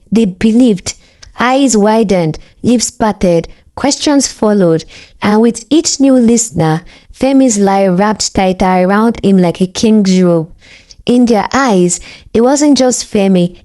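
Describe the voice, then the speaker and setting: A woman narrating a folk tale in a lively, wry storytelling manner. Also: medium pitch. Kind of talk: scripted narration.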